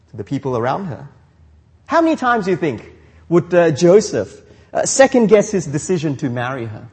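A man's voice: a little high, a little mellow, in a large hall. A man preaching a sermon as a pastor, with frequent restarts and rhetorical questions.

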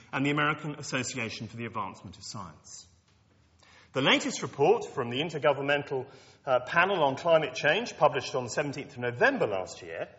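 Preacher with wry asides. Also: male voice, a little high, pushed and bright. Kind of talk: lecture-style sermon to students. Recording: dull lo-fi recording in a reverberant hall.

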